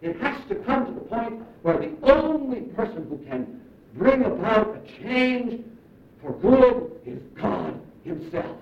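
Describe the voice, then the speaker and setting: A man preaching a sermon in an earnest, emphatic manner, slowing down to stress key phrases. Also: extremely high pitch, big pitch swings. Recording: roomy, distant, muffled recording.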